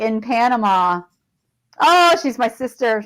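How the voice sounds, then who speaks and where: Middle-aged woman guest, mid-pitched, casual and chatty, wandering off on tangents. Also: animated, a little slow, smooth, low-quality recording. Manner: chatty and digressive, with frequent fillers and laughs. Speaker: podcast guest, veteran and author. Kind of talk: casual conversational storytelling.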